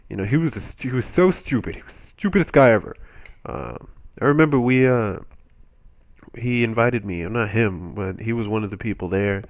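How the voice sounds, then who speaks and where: Rambling young man telling a silly story. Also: mid-range voice. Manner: rambling, self-mocking, playfully exaggerated. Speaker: commentator. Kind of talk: comedic storytelling over gameplay.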